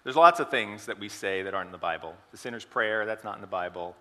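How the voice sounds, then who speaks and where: A man's voice: on the low side, fast, pushed and bright, big-room sound. A man giving a sermon, telling an illustrative story and asking the congregation questions. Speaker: preacher.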